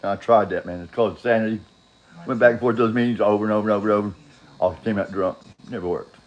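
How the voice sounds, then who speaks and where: A man's voice: fairly low pitch, fairly even intonation, fast, highs cut off. Blunt, profane older man rambling. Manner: blunt, profane, chuckling, drifts off on tangents. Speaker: vlogger telling his own story. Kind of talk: rambling casual monologue.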